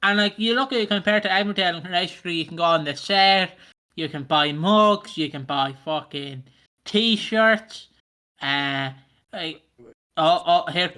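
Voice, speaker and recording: Bright-voiced ranting podcast co-host. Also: male voice, high voice, measured pace, smooth. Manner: ranting, sweary, mocking put-on voices. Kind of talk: casual chat.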